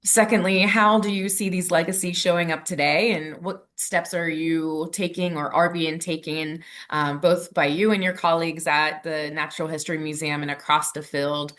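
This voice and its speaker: A woman's voice: low voice, fairly even intonation, moderate pace, a bit bright. A woman from McKeesport with a Pittsburgh accent, moderating a panel discussion over a video call. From McKeesport, Pennsylvania.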